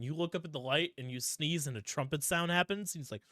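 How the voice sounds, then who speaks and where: A young man co-hosting a podcast, telling a story casually with lots of swearing and quick put-on voices for the characters. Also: a little high, no room sound, studio quality. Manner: animated, profane storytelling, acting out characters in voices. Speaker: podcast co-host. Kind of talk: casual chat.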